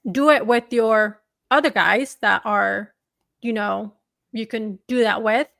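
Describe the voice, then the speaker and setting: A woman hosting a sports show, with a slightly high voice. She talks with feeling and stresses her points, often in loose fragments. The sound is dry and close. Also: takes it slowly, gravelly, a bit bright, dry recording. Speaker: podcast host. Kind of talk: casual sports talk.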